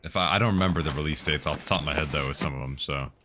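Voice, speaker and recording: A man's voice: very deep voice, very fast, noisy background. A man casually streaming a game, chatting and answering viewers' tech questions while he plays. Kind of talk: casual live-stream commentary.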